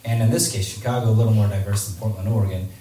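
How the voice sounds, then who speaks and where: A man telling a story casually, full of "like" and "you know", acting out quoted people in a raised voice. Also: rapid-fire. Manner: animated, acts out quoted people in a higher voice. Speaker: public speaker telling his story. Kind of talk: storytelling talk. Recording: echoey room, distant mic, faint hum.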